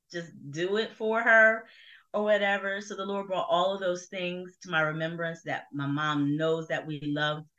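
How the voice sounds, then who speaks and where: A woman's voice: fairly low pitch, fairly bright tone. A middle-aged woman from New Jersey, a guest giving a personal faith testimony in conversation, earnest and reflective with many fillers. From Burlington, New Jersey. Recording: dull lo-fi sound.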